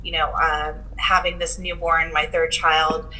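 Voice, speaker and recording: Bright-voiced motivational woman. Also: low voice, level tone, a little slow, slight background noise, rough recording. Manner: motivational, candid storytelling. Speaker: podcast guest. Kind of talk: casual interview chat.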